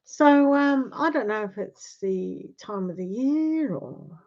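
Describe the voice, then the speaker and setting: A woman's voice: medium pitch, animated, takes it slowly, creaky, darkish tone. A woman hosting a tarot livestream, chatting casually with viewers in a rambling way and tagging questions onto her sentences. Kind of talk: casual chat with live viewers. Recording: dull lo-fi livestream audio.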